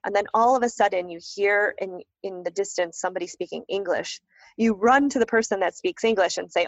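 A woman's voice: medium pitch, fairly quick, dry recording. A woman guest telling a story in casual conversation, acting out the voices of the people she quotes. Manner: animated, acts out quoted voices. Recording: dull lo-fi dry recording.

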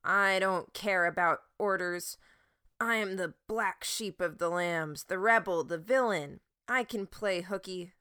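A bratty, sarcastic teenage boy, put on by a woman reading an audiobook, whining and defiant. The voice sits a little higher than a low-pitched reader's own, and the delivery is drawn-out and slow. It is recorded dry and close. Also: bright, forceful tone, clear, resonant tone, no room sound. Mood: whiny defiant. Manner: whiny, sarcastic.

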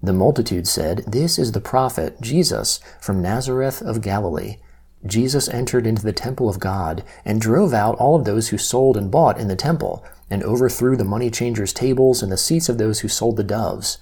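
A man reading Bible passages aloud in a steady, measured way, with quoted lines lifted slightly. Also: lowish voice, breathy edge. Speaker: Bible reader.

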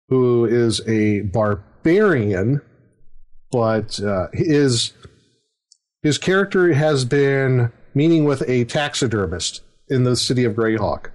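Rambling middle-aged man telling a game story. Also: medium pitch. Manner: rambling, chuckling, many fillers. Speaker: dungeon master, podcast host. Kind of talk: casual storytelling chat.

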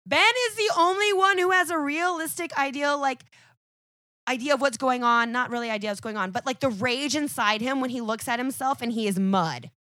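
A woman chatting as a podcast guest, telling a story in a profane, animated way and acting out each character. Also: high voice, fairly quick, dry recording, studio quality. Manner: animated, profane retelling that acts out every character. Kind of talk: casual podcast chat.

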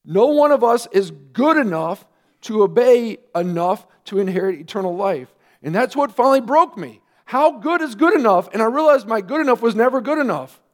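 A man, a pastor, preaching a sermon earnestly, with emphatic rising questions and quieter asides. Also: extremely high pitch, expressive, normal speed.

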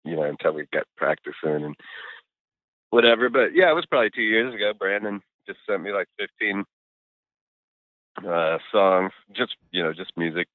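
A middle-aged man with a deep, low voice chats in a laid-back, rambling way, full of fillers and cuss words. He comes through a thin, phone-like remote line with no room sound at all. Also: expressive, normal speed, no room sound. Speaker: guest musician. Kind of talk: casual interview chat over a call.

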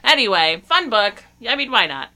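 A woman hosting a casual podcast, her voice bright and ringing. Her pitch swings widely as she chats and laughs, and she swears casually. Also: big pitch swings, normal speed. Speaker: podcast host. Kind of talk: casual chat.

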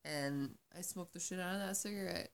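A woman chatting casually, telling a story in a profane, animated way. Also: fairly low pitch, a little fast, gravelly, a little hiss or hum. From Arizona. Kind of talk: casual chat.

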